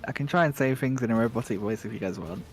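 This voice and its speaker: A man's voice: medium pitch, quick pace, faint music behind. A man moderating a speedrun livestream, talking to viewers in a chatty, joking way with lots of restarts. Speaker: stream moderator co-hosting a speedrun stream. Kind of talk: casual stream chat, talking to viewers.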